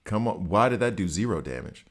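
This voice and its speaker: Brisk and sing-song, with a lowish voice, this middle-aged gaming streamer chats casually on his live stream. He teases his chat, reacts to the gameplay and keeps talking to viewers as he plays.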